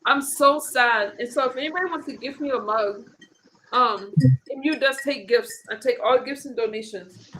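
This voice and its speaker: A woman's voice: a little high, moderate pace, a bit bright, slight background noise, rough recording. A woman hosting a casual political talk stream, chatty and rambling, often restarting her sentences. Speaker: host of a political commentary stream. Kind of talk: casual chat with co-hosts.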